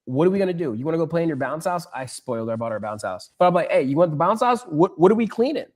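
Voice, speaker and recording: A man's voice: a little high, big pitch swings, very fast, a little mellow. A young adult man on a podcast, telling anecdotes about his daughter and acting out her lines. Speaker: podcast co-host. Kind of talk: casual chat.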